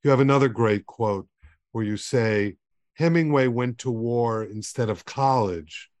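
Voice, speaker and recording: A man's voice: mid-range voice, unhurried, a little mellow. A man hosting a literary podcast, asking long rambling questions that often end in "right?". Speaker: podcast host. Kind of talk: conversational interview.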